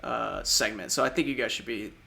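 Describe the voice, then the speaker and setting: A man's voice: medium pitch, fairly quick, creaky, bright, forceful tone. A man co-hosting a podcast, chatting casually about movies, rambling, trailing off and laughing often. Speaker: podcast co-host.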